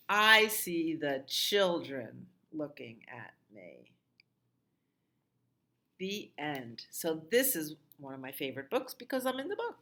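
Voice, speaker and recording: Lady librarian doing kids storytime, slow and singsongy, voice bouncing way up and down. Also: very animated, sharp tone. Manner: slow, sing-song read-aloud voice, jumping high on the repeated calls. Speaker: children's librarian. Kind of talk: children's storytime reading and songs.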